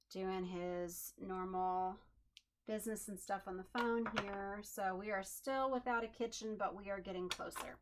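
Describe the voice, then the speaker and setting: Upbeat woman chatting thru a craft tutorial at her desk, bit of faint noise behind her. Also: medium pitch. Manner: chatty, upbeat, thinking aloud as she works. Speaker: crafting channel host.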